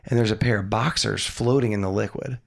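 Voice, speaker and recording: A man's voice: on the low side, a little fast, gravelly. A man, a podcast guest, casually telling a rambling story and laughing as he goes.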